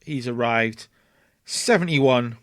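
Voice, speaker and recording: A man's voice: mid-range voice, slow, no echo, studio quality. A man hosting a casual let's play, chatty, narrating and acting out scenes. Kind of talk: casual game commentary.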